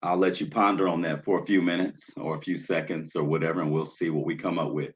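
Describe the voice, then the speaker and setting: Low-voiced man hosting a live chat. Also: fast. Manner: relaxed, greets chat viewers by name, many fillers. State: nervous, jittery. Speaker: livestream host. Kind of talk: casual live chat with viewers.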